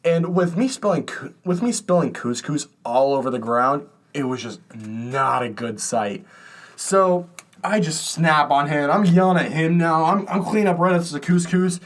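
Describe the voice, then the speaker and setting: A man's voice: fairly high pitch, animated, moderate pace. A young man co-hosting a podcast, telling a rambling, self-mocking story in casual chat. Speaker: podcast co-host.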